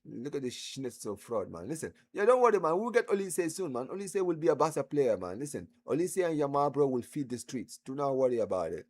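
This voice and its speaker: A man's voice: mid-range voice, very animated, a little fast, hardly any pauses. A man hosting a live football stream, heckling and trash-talking viewers in chat.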